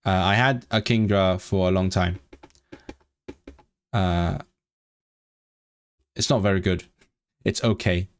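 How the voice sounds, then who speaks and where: A man's voice: deep voice, takes it slowly, long pauses. A man chatting casually on a live stream, thinking aloud and eagerly sounding out foreign words. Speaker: language-learning streamer.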